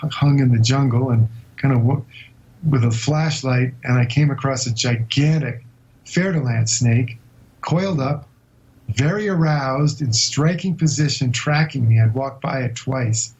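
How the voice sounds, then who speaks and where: A man being interviewed as a guest explorer, telling a long story in a vivid but halting way with many hesitations. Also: medium pitch, darkish tone, dull audio. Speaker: guest explorer recounting an expedition.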